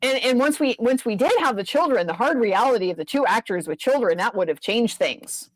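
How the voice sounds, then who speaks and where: Lady lawyer ranting about a trial, kinda high voice, cussing, dry close sound. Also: animated, brisk, dry recording, poor audio. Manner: exasperated, profane, rambling. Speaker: lawyer commentator. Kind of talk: casual commentary.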